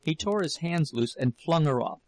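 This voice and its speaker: A man narrating a novel as an audiobook in a measured, dramatic storytelling manner. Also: fairly high pitch, expressive, darkish tone, dry recording, low-quality recording.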